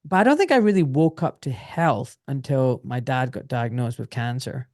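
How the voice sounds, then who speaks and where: A man's voice: mid-range voice, normal speed, dry recording, studio quality. A middle-aged man with a British accent, a former doctor telling his story as a podcast guest. He talks casually, swears freely and acts out what others said. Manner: animated, swears, acts out quoted voices.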